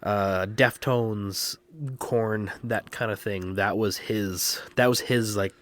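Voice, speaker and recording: A man co-hosting a podcast in casual chat, telling animated stories and laughing often. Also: on the low side, slow pace, no room sound. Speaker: podcast co-host.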